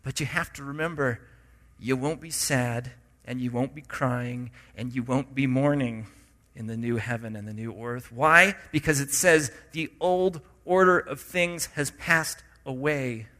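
A middle-aged man giving a conversational, animated sermon, joking with his audience between scripture readings. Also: mid-range voice, a little slow. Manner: conversational and animated, with jokes and asides. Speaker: pastor.

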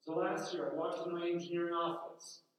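A man's voice: high-pitched, little pitch movement, brisk. Guy preaching casual, storytelling, lots of echo, mic kinda far away. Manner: casual, storytelling with acted asides. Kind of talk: conversational sermon. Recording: echoey room, mic far off.

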